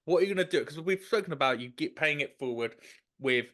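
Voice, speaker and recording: A man's voice: fairly high pitch, expressive, quick pace, a bit bright. A man hosting a podcast and asking his guest eager questions. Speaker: podcast host. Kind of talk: interview questions.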